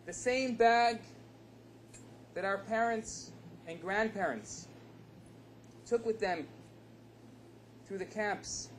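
A rabbi giving a lecture, a dramatic storyteller who acts out the dialogue. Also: male voice, sits high, a little hiss or hum.

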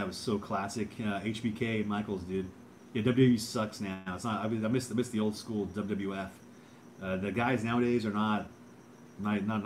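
A man in his thirties hosts a casual livestream, reading chat aloud and rambling with lots of fillers and repeated words. His voice is lowish and darkish, with slight background noise.

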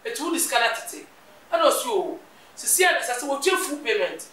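A woman's voice: sits high, big pitch swings, quick pace, a bit bright. A woman hosting a gossip show, lecturing and scolding as she comments. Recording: echoey room, distant mic, faint noise.

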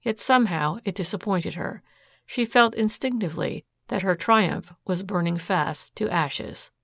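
A woman narrates a classic detective story in a steady, scripted delivery. Her voice is lowish with a gravelly fry, recorded dry and close. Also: measured pace, no echo. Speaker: audiobook narrator.

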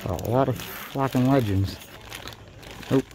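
A man who collects toys, giving casual running commentary with quick, blunt verdicts and casual swearing while shopping in a toy store. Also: mid-range voice. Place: busy toy store, indoors. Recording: crowded store noise behind.

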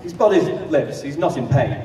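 A man's voice: a little high, expressive, normal speed, noisy background, lightly acted. A man doing a shifty pieman speaking in rhyme. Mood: mock-reassuring. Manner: rhyming verse, theatrical. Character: shifty male pie seller explaining his wares. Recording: echoey hall from a distance.

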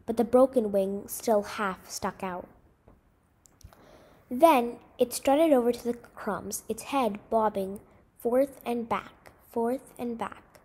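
A woman narrating a short story aloud in a measured, expressive storytelling manner. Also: medium pitch, breathy edge. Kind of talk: scripted story reading.

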